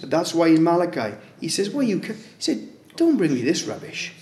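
Preacher, conversational sermon. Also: male voice, on the high side, huge pitch swings, moderate pace, darkish tone. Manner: conversational preaching with rhetorical questions. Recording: echoey room.

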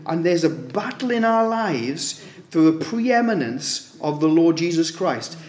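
A man's voice: fairly high pitch, sing-song, measured pace, hardly any pauses, darkish tone. A man preaching a sermon in a conversational way, asking his listeners rhetorical questions. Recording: echoey room.

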